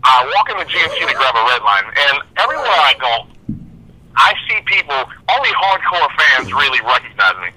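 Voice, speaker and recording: A man calling in as a guest, telling a rambling story in an animated way and repeating himself. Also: medium pitch, brisk, breathy edge, low-quality recording. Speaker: guest caller, fighter. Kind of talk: casual phone-in storytelling.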